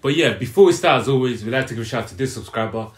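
Brief: easygoing young co-host, casual banter, echoey room. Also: male voice, mid-range voice, lively intonation, rapid-fire, soft background music. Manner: laid-back, banters with friends, slangy. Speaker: reaction channel co-host. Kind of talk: casual group reaction chat.

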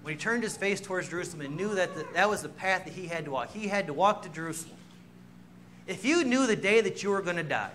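A man's voice: sits high, a bit bright, slight background noise. A man preaching a sermon in a church, telling stories about himself with self-mocking humor and laughing as he goes. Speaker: pastor. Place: church sanctuary.

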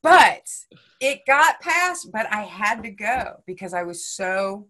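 A woman, a podcast guest, telling a story in casual chat, animated and blunt, swearing freely and tagging lines with "right?" and "you know?". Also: medium pitch, takes it slowly.

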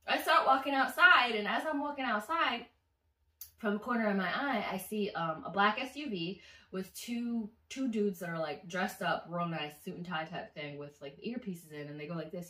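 A woman's voice: lowish voice, normal speed, recorded from a distance. A woman telling a story in a casual vlog, swearing freely and acting out what each person said. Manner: animated, profane, acts out quoted voices. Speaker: vlogger recounting a dream. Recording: echoey room, somewhat off mic.

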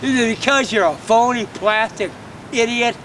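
A man's voice: very high-pitched, normal speed. An older man on a city street ranting and mocking someone in an abusive, taunting way. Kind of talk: hostile street rant. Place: outdoors on a busy city street. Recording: distant voice over street crowd noise.

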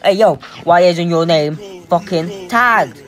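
A young gamer giving casual, excitable commentary on play, swearing often and breaking into silly singing. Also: medium pitch, takes it slowly, faint music behind. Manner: excitable, swears a lot, sings and squeals. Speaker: gameplay commentator.

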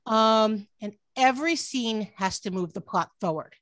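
A woman's voice: on the high side, unhurried, no echo. A woman book editor giving an online workshop talk from home over a video call, earnest, often restarting her sentences with "um"s. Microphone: computer mic on a video call.

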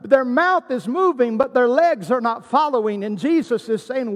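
Guy preaching hard, high pitched, big church echo. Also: normal speed. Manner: emphatic preaching with scripture quotes. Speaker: pastor. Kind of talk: sermon.

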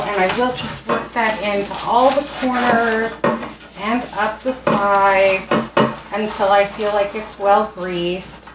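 Chatty thrifty woman in an echoey kitchen. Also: medium pitch. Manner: rambling and thrifty, lots of fillers and asides. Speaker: home cooking vlogger. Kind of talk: casual kitchen how-to chat. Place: home kitchen. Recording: roomy echo, distant mic, faint noise.

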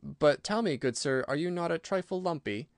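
A man's voice: a little high, lively intonation, moderate pace, no echo, studio quality, voice pushed up. A man doing a coy patchwork doll girl.

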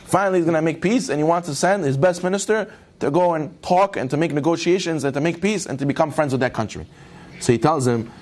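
A man leading a Torah class, telling a parable with animated delivery. His voice sits fairly high, and he slips Hebrew phrases into his talk. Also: fast. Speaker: Torah teacher.

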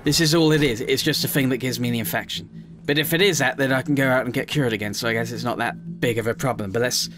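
A man giving chatty, emotional let's play commentary, often squealing up high in excitement. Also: fast.

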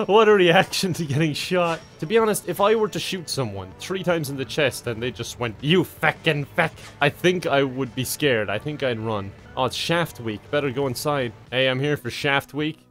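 A man's voice: mid-range voice, moderate pace, fairly bright tone, soft background music. A young Irish man giving comedic, sarcastic commentary while playing a video game, laughing at what he sees. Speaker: gaming YouTuber.

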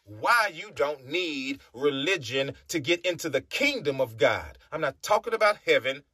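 A man's voice: on the high side, very animated, normal speed, pushed and bright, slightly rough, no room sound. A man from the United States preaching a monologue, emphatic, repeating his phrases and humming between thoughts.

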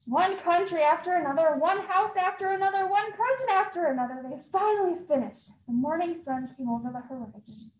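A woman librarian reading a story aloud at a children's story time, very expressive and acting out sound effects. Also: very high voice, a little fast, hardly any pauses. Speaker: youth services librarian. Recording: echoey room.

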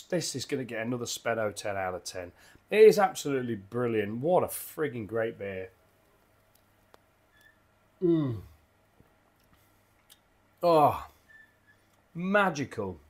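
Enthusiastic rambling man. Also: mid-range voice. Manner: enthusiastic, rambling, repeats words. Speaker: beer reviewer. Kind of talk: casual home beer review. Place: home bar.

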